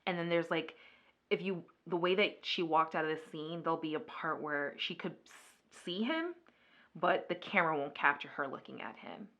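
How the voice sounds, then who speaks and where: A woman vlogger chatting casually through a makeup video, retelling a story in an animated way with lots of filler words. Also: sits low, normal speed, highs cut off. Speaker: beauty vlogger. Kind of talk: casual makeup vlog chat.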